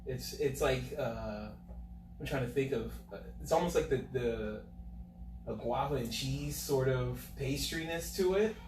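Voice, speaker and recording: A man's voice: medium pitch, unhurried. A man from Florida, a guest on a casual podcast chat, who swears freely, laughs often and tells stories with energy. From USA, Florida. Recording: echoey room, distant mic, noisy.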